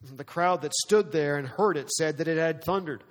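A male pastor preaching a dramatic, emphatic sermon full of rhetorical questions, slowing down for weighty lines and speeding up for asides. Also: fairly high pitch, big-room sound. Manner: swings between slow weighty phrasing and quick asides.

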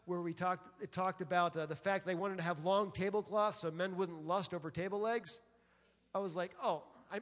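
High-voiced preacher in a reverberant hall. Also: male voice, a bit bright. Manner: conversational and joking, with playful asides. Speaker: pastor. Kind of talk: sermon.

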